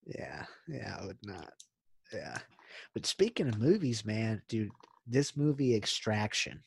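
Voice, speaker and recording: A man's voice: on the low side, big pitch swings, a little slow, gravelly, husky. A young man co-hosting a podcast, chatting casually and eagerly retelling movie scenes, saying "dude" a lot. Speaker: podcast co-host. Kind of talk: casual chat.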